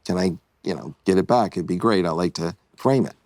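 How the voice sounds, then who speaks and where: Man in his sixties, lower voice, podcast guest, animated storyteller, acts out quotes, dry sound. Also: brisk, no echo. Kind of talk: casual storytelling.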